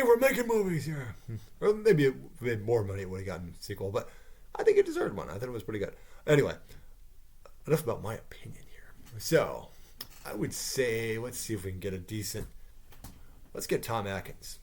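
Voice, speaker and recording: A man talking off the cuff to camera, pitching a movie idea in a rambling way with asides and mild swearing. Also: wildly swooping pitch, fairly quick, slight background noise. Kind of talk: casual off-the-cuff monologue.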